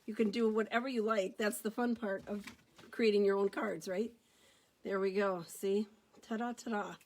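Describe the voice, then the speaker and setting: A woman's voice: medium pitch, steady tone, moderate pace, a little mellow. A middle-aged woman demonstrating card-making on a casual live stream, chatty and upbeat, greeting viewers by name as she talks into her phone.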